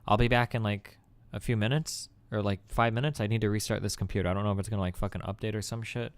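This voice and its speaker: A man's voice: on the low side, fairly even intonation, quick pace, clear, resonant tone. A man streaming live, chatting offhand and crudely while reacting to clips and fighting his computer. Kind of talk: casual livestream chat.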